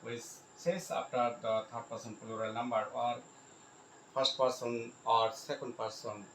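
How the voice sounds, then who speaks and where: A man teaching English grammar, repeating each example sentence slowly and addressing his viewers directly. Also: mid-range voice, flat delivery, a bit bright, reverberant, slight background noise, poor audio. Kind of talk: grammar lesson.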